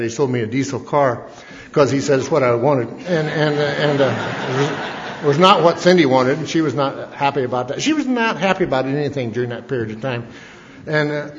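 A man telling rambling, self-mocking stories as a speaker at a recovery meeting. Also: medium pitch. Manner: rambling, folksy, self-mocking, with frequent restarts. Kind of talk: humorous personal testimony. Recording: dull lo-fi recording in an echoey hall.

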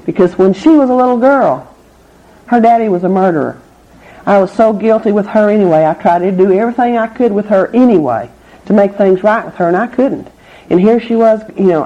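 At a recovery meeting, a middle-aged woman recounts her own story with a warm, expressive voice, talking a little fast. Candid and wry, she laughs through difficult memories, captured on a muffled, low-fidelity recording.

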